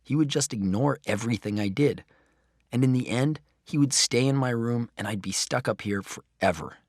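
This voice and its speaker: A man reading a children's chapter book aloud in an expressive first-person narration. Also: medium pitch, moderate pace, dry recording, studio quality. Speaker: audiobook reader.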